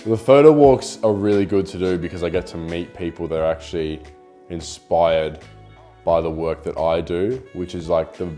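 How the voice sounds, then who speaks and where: A young Australian man talking casually in an interview, rambling with lots of "like" and the odd swear word. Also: sits low. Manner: relaxed, rambling, with filler "like" and swearing. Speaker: photographer and YouTuber being interviewed. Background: faint background music.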